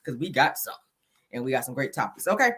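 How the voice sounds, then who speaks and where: A woman hosts a celebrity news stream. Her voice sits low, but it swings up and down a lot. She talks in a chatty, sassy way, with drawn-out slang asides. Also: lively intonation, a bit bright, slightly rough. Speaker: celebrity news channel host. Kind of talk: casual live-stream commentary.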